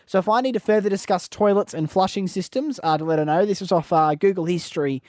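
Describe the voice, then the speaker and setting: A man's voice: high-pitched, fast, a little mellow, no echo, studio quality. An Australian man co-hosting a podcast in casual comedic chat, giggling often and talking about himself in a self-deprecating, rambling way. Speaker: podcast co-host.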